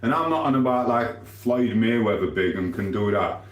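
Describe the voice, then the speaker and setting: A man's voice: on the low side, lively intonation, normal speed, echoey room. A man from England with a Sheffield accent, chatting casually on a live stream, reading viewer comments with rambling banter and laughs. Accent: Sheffield, Yorkshire.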